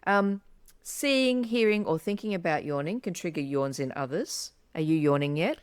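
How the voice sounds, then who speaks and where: A woman co-hosting a podcast in casual chat, animated and acting out yawns as she explains. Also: fairly low pitch, moderate pace, smooth, no echo. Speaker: podcast co-host.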